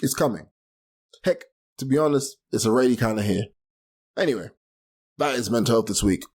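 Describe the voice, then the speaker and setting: A man's voice: medium pitch, expressive, brisk, darkish tone, breathy edge. A young man from London hosting a solo podcast, rambling casually and laughing at his own slips. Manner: rambling, self-deprecating, laughs at himself. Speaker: podcast host.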